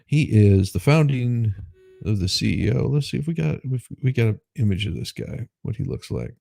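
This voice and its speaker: Male host, low gravelly husky voice, sarcastic commentary, dry sound. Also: sing-song, moderate pace, mellow, dry recording. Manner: sarcastic, rambling asides; self-deprecating. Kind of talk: casual news commentary reading articles aloud.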